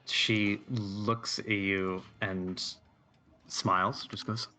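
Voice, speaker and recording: A man narrating a tabletop game as game master, in a casual, halting manner. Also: fairly low pitch, little pitch movement, pushed and bright.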